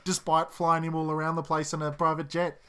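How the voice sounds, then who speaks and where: A man's voice: on the high side, flat delivery, fairly quick, bright, forceful tone, smooth. An Australian man co-hosting a casual sports podcast, gleeful and chuckling as he talks. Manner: gleeful, chuckling while teasing rivals. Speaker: podcast co-host.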